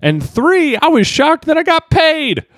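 Animated self-mocking podcast man, slight twang. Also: measured pace, no room sound, clean studio sound. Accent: slight Southern twang. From Kentucky. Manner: animated, jumps pitch for comic emphasis, self-mocking. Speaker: podcast host and stand-up comedian. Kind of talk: rambling solo podcast monologue.

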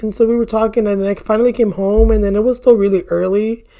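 A man's voice: high voice, steady tone, fast, mellow. A young man vlogging casually, telling a rambling dating story while doing his makeup, peppered with swearing and "bro". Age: young adult.

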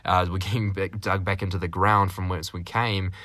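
Low, forceful man. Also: flat delivery, normal speed, no room sound. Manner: rambling, with many fillers and restarts; jokey, with mild swearing. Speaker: podcast host. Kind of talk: solo podcast monologue.

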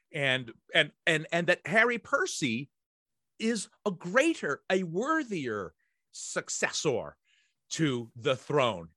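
A man's voice: a little high, a bit bright, no room sound. Wry emphatic man, dry close sound. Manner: emphatic and wry, with many fillers and restarts. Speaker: guest, theatre director and writer. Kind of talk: casual podcast conversation.

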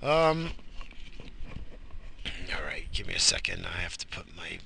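Worn-out man talking to camera while driving, jokey and foul-mouthed, lower-pitched voice with a hard, bright edge. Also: big pitch swings, unhurried, gravelly, a little hiss or hum. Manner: rambling, profane, jokey. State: exhausted, yawning. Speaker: vlogger. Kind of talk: casual rambling vlog while driving. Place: inside a car.

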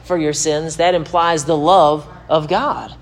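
A man's voice: on the high side, steady tone, unhurried, faint music behind. A man preaching to camera in a sermon-style teaching, emphatic and repetitive, his voice climbing when he presses a point. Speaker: pastor.

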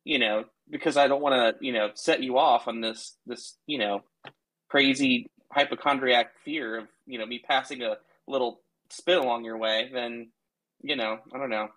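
A man's voice: mid-range voice, steady tone, normal speed, a bit bright. A man in casual argumentative banter on a call, lecturing his co-host in a mock-patient tone. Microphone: remote call mic.

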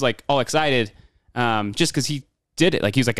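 A man's voice: medium pitch, quick pace, fairly bright tone, dry recording, studio quality. A man casually discussing a war film with friends, rambling with many fillers and restarts. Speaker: podcast co-host.

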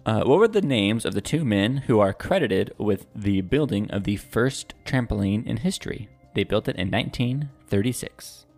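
A man's voice: lowish voice, lively intonation, moderate pace, creaky, few pauses, darkish tone, faint music behind. A man co-hosting a casual podcast, quizzing his friend with puns and playful banter. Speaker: podcast co-host.

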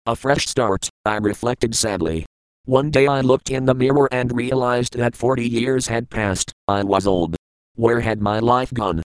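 A man reads an audiobook in the first person, measured and reflective. His voice is smooth and resonant, at a middle pitch. The recording is close and dry. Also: no room sound, rough recording. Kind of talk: audiobook narration.

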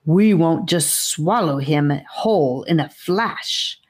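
A woman doing a giggling female cave snake, cruel and gloating, low storybook voice, unhurried. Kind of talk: audiobook character voice.

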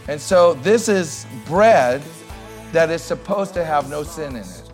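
A male pastor preaching a sermon in an emphatic way, repeating key words and slowing down to stress them. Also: a little high, sing-song, soft background music.

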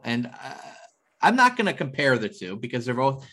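A man's voice: medium pitch, very animated, normal speed, bright, forceful tone. A man co-hosting a casual podcast, talking loosely with lots of restarts and fillers. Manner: rambling, many restarts and fillers. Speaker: podcast co-host. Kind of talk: casual chat.

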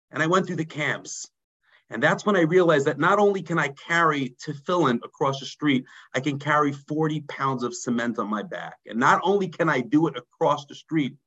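A man, a rabbi telling a story in a mussar sermon, dropping low and quiet for emphasis. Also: animated, normal speed, low-quality recording. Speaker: rabbi teaching a mussar class.

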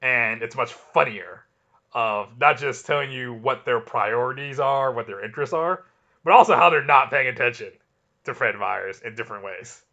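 A man's voice: mid-range voice, normal speed, bright, forceful tone, muffled recording. A man co-hosting a comics podcast, chatting casually and enthusiastically, often restarting his sentences. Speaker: podcast co-host. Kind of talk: casual chat.

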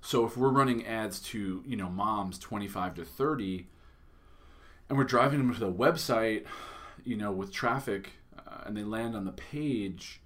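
A man's voice: on the low side, a little slow, a bit bright. A man in his thirties hosting a casual marketing podcast, talking in a chatty way with lots of fillers and restarts. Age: 30s. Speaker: podcast host.

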